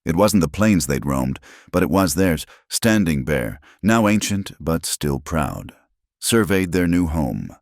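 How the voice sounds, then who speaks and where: A man reading a frontier tale as scripted narration in an even storytelling manner. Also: very deep voice, measured pace, creaky, no room sound, clean studio sound.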